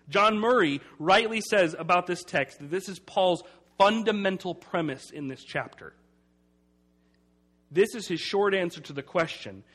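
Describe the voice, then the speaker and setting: A man preaching a sermon as pastor, emphatic and repeating key phrases slowly for weight. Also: high-pitched, a bit bright.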